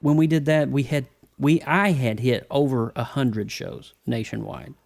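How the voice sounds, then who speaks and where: A man hosting a casual panel chat, drawn-out and enthusiastic in his reactions. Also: medium pitch, creaky, a little mellow. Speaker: host.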